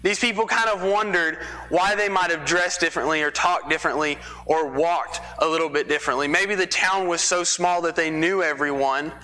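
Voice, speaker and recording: A man's voice: fairly high pitch, fairly even intonation, moderate pace, hardly any pauses, sharp tone, slight background noise. A man from Texas preaching a sermon in a church, telling the story in a conversational way with folksy asides. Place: church sanctuary. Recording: long reverb of a church hall.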